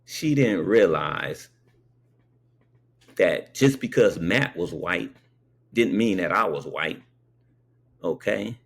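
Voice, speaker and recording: Gravelly man telling a personal story. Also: sits low, animated, slow, long pauses. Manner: conversational, checks in with "okay?".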